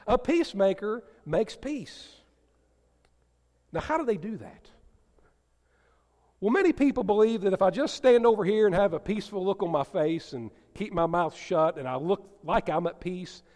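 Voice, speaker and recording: A male pastor delivering a sermon in a church, asking the congregation questions and dropping to soft, gentle tones for emphasis. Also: high voice, lively intonation, moderate pace. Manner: asks the congregation questions and teases a listener. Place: church sanctuary. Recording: long hall reverb.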